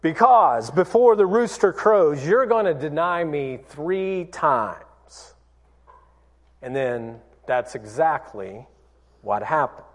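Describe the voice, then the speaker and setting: A man preaching in a church, retelling scripture with lively acted-out voices. His voice sits high for a man, and he takes his time, leaning on words slowly for effect. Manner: animated storytelling, acts out quoted voices. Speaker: pastor. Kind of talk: sermon.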